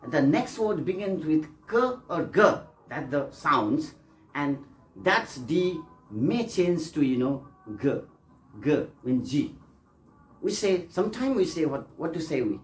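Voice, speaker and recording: A man's voice: fairly high pitch, a little hiss or hum. A man teaching an English pronunciation lesson, repeating examples and coaxing his students, often checking they follow. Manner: repetitive, coaxing, with frequent checks for understanding.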